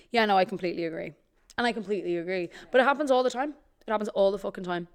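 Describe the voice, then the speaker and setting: A woman's voice: mid-range voice, rapid-fire, smooth. A young Irish woman co-hosting a podcast, chatting casually, gossiping and swearing freely. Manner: gossipy, swears freely, reads tweets aloud. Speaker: podcast co-host. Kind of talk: casual chat.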